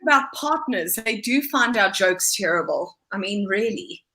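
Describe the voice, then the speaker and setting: A woman's voice: medium pitch, lively intonation, a little slow, pushed and bright. A woman hosting a casual interview, encouraging her guest in an affectionate way. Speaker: podcast host.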